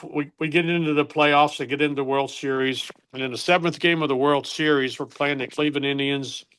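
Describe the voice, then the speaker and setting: A man's voice: mid-range voice, a bit bright. An older man, a former baseball coach, earnestly telling an emotional personal story in an interview, often stopping to correct himself.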